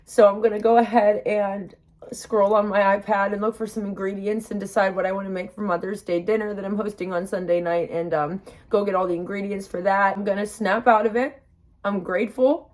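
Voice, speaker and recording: A woman's voice: mid-range voice, fairly even intonation, normal speed, a little mellow. Young woman vlogger, mouth numb from the dentist, talks chatty and upbeat, reassuring herself. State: numb-mouthed after dental work, emotional. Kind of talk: casual vlog to camera.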